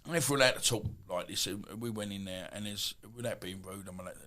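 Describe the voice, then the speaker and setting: A man in his fifties with an Essex accent, telling stories as a podcast guest in a rambling, animated way with many asides. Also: on the low side, fast talker. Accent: Essex English. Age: 50s. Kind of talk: casual storytelling.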